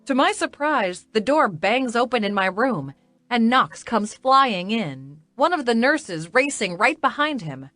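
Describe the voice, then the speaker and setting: Slow-reading woman audiobook narrator. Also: a little high, very animated, fairly bright tone, no room sound, soft background music. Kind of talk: scripted first-person romance narration.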